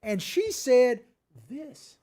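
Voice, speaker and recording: Man, political commentary host, combative, sarcastic, loud bursts then quiet asides. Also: extremely high pitch, big pitch swings, very slow. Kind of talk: opinion commentary monologue.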